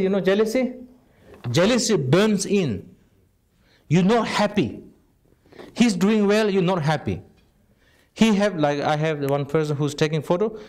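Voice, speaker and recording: A man whose first language is Tibetan gives an informal dharma talk in non-native English, his voice a little high. He's animated and direct, constantly asking "right?" to check in with the audience.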